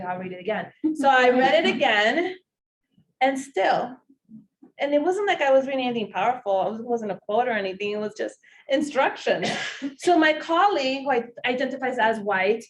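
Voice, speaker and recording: A woman with a non-native English accent telling a personal story in a talk, animated and emotional. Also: high-pitched. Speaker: social work presenter. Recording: distant mic, faint hiss.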